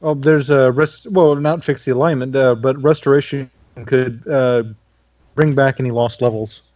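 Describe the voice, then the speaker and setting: A man's voice: medium pitch, fairly even intonation, normal speed, darkish tone, no echo. A man playing in a tabletop game, talking casually and hesitantly, often trailing off. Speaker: player. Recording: dull lo-fi dry sound.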